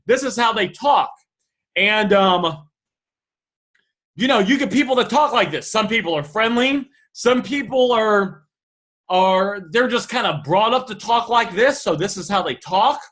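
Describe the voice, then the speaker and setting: A young man with a high, bright voice runs a live sales lesson. He talks casually and thinks out loud with plenty of ums. His tone stays loose and conversational. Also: lively intonation, normal speed, rough recording. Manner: casual, thinks aloud with fillers. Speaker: sales trainer. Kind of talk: live online class, reading student messages.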